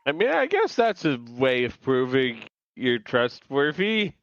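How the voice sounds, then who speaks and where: A man's voice: medium pitch, huge pitch swings, unhurried, fairly bright tone, dry recording, muffled recording. A man co-hosting a podcast in casual recap chat, wry and chatty, often restarting his sentences. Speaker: podcast co-host.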